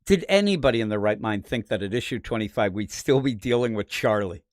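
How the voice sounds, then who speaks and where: A man's voice: on the low side, brisk, dry recording, studio quality. Rambling, opinionated man from Philadelphia. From Philadelphia area, USA. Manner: rambling, opinionated, animated asides. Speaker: comics podcast host. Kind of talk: casual comic book preview commentary.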